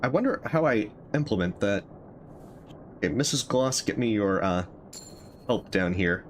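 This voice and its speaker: A man's voice: on the low side, expressive, measured pace, a little hiss or hum. Man thinking aloud over a game. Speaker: streamer playing a game. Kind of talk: casual gameplay commentary.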